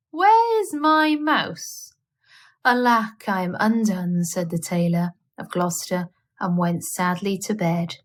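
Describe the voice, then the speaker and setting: Slow, gentle woman reading a bedtime story. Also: medium pitch. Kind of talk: children's bedtime story read-aloud.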